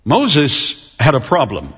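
Animated husky male preacher. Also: medium pitch. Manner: lively, animated delivery with slowed emphasis. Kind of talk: sermon storytelling. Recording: dull lo-fi recording.

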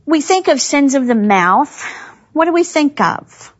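A woman's voice: high-pitched, very animated, unhurried. A woman gives a humorous, chatty devotional talk to women, laughing often as she tells stories. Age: 60s. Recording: dull lo-fi recording.

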